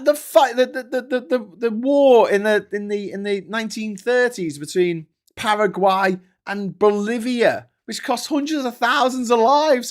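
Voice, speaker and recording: British guy ranting about politics, highish voice, swears a lot, sarcastic and goading. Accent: British English. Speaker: host. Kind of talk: casual political commentary.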